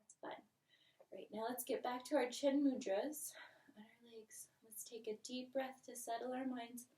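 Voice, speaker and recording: A woman leading a children's yoga lesson in a gentle, playful, encouraging way, sometimes dropping to a whisper. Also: on the high side, fairly even intonation, moderate pace, far from the mic. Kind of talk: guided kids' yoga lesson. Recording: echoey room, voice from the mic.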